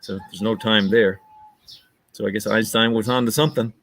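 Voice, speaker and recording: A man co-hosting a casual live-stream podcast, chatty and quick to laugh. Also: lowish voice, dry recording. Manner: animated, laughs often, chatty asides. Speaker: podcast co-host.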